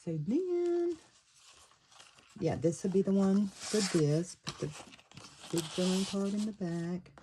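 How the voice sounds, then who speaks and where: A woman casually talking through a handmade journal, thinking aloud and pausing to fiddle with the pieces. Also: on the low side, dark tone, slight background noise, low-quality recording. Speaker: paper craft creator. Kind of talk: casual craft flip-through.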